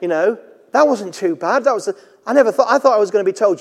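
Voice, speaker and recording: A man's voice: high-pitched, lively intonation, fast. A man preaching a sermon in an earnest, conversational way, weaving in personal stories. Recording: long reverb in a large hall.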